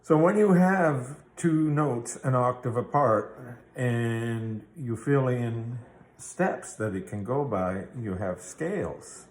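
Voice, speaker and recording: A man's voice: medium pitch, slow, echoey room. A man teaching a guitar theory lesson, explaining patiently step by step and checking in with the listener. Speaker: music teacher.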